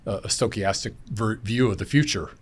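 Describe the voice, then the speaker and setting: A man taking part in a casual panel discussion, speaking with animated emphasis and fond of analogies. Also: fairly low pitch, a little fast, husky.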